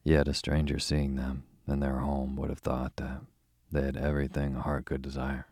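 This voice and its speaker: A man's voice: very deep voice, moderate pace, no echo, clean studio sound. A man hosting a bedtime story show, chatting informally and then reading a story aloud in a soothing way. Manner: relaxed, informal. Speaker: bedtime story podcast host.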